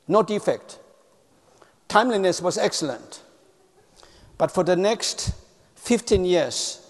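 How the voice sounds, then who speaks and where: A man's voice: on the high side, a little mellow. A man giving a motivational talk on customer service. He tells stories, repeats key words for emphasis and uses non-native phrasing. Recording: long hall reverb.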